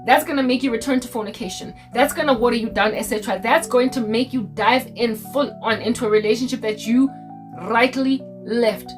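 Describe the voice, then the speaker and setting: Animated South African woman preaching casually. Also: on the high side, fairly quick, soft background music. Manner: animated, code-switching, jokey. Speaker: Christian video creator.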